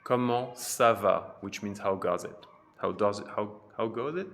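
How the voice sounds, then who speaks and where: A man leads a pronunciation lesson in an unhurried, measured way. His voice has a bright, forward ring. He says each phrase deliberately and twice, with patient, chatty remarks in between. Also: lowish voice, creaky, slight background noise. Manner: repeats each phrase slowly and carefully; patient, chatty teaching asides. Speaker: French teacher.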